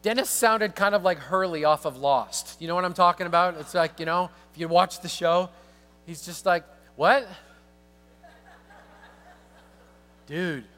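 A man preaching a sermon as pastor, telling a story in an animated way that swings from hushed to excited. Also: high-pitched, moderate pace, faint music behind.

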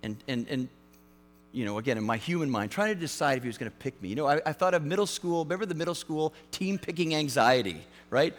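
A male pastor giving a sermon in a casual, animated way, with frequent restarts and fillers. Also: on the high side, fast talker. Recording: hall reverb, mains hum.

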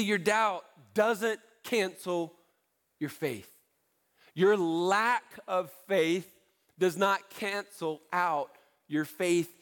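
A man's voice: high-pitched, a bit bright. A man preaching a sermon in an earnest, pleading way, repeating key phrases to drive them home. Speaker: pastor.

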